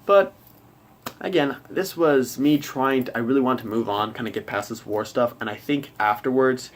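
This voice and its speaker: A man recounts a tabletop game session he ran as game master, in a loose, rambling way. His voice sits at an ordinary middle pitch. He acts out his players' reactions as he goes. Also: moderate pace, a little hiss or hum.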